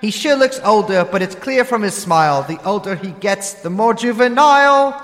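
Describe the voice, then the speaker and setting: A man's voice: high-pitched, animated, normal speed, a bit bright, long reverb tail. A man putting on a British accent to recite a cheeky limerick song in a mocking, sing-song way. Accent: put-on British.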